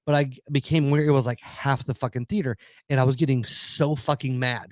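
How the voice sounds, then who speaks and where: A man's voice: medium pitch, fairly even intonation, fairly quick, no room sound, studio quality. A man, telling a heated, profanity-laced story in casual podcast chat. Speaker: podcast co-host.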